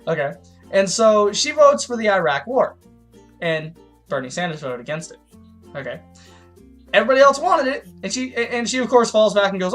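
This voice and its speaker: A man's voice: high-pitched, sing-song, moderate pace, long pauses, a bit bright, soft background music. A man giving a heated, profane political rant as a vlogger, stumbling over restarts. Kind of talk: ranting political commentary.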